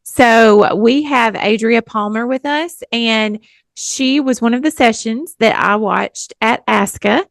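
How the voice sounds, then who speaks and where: A woman's voice: on the high side, slow pace, gravelly, no room sound, studio quality. A woman, co-hosting a podcast in a chatty, self-deprecating way and laughing often. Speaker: podcast co-host. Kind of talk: casual podcast chat.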